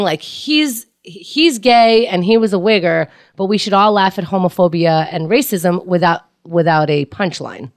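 A woman's voice: lowish voice, dry recording, clean studio sound. A woman co-hosting a comedy podcast, blunt and opinionated as she tells a story in casual chat. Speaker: podcast co-host.

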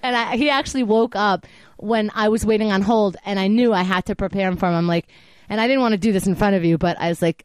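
A young woman co-hosting a podcast, pitched in the middle range for a woman. She tells the story with animation, acting out quotes and laughing as she goes. The sound is close and dry, with no room around it. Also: fast, clean tone, no echo. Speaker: co-host. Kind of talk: casual podcast chat.

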